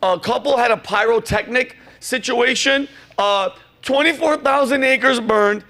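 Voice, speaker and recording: Loud, animated high-voiced comedian ranting. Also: male voice. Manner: animated, swearing, quick asides to crew. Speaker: comedy podcast host.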